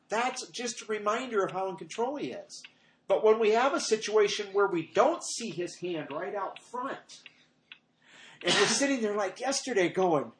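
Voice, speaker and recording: A man's voice: high-pitched, lively intonation, a little fast. Man preaching casually in an echoey room. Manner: conversational, rambling, acts out quoted lines in a raised voice. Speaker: pastor. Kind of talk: informal sermon with personal stories. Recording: echoey room with faint noise.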